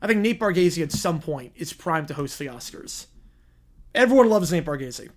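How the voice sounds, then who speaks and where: A man's voice: fairly high pitch, animated, normal speed. A man hosting a live stream, chatting casually and rambling, often repeating himself. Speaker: streamer host.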